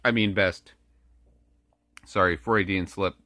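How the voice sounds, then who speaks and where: A man's voice: low voice, fairly even intonation, slow pace, pushed and bright, no echo. Rambling, crude-joking man vlogger. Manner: crude, rambling, jokey asides. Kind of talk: rambling casual vlog.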